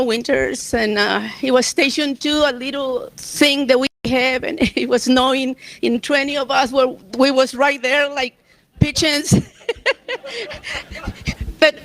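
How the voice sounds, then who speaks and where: Emotional woman, high voice. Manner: emotional, near tears, laughs between memories. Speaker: striking union member on a panel. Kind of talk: personal storytelling on a panel.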